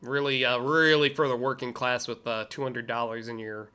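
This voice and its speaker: A man's voice: mid-range voice, little pitch movement, normal speed, pushed and bright, clear, resonant tone. An American man hosting a livestream, reacting to clips with sarcastic, rambling commentary and profane asides. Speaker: livestream host reacting to videos. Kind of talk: casual commentary.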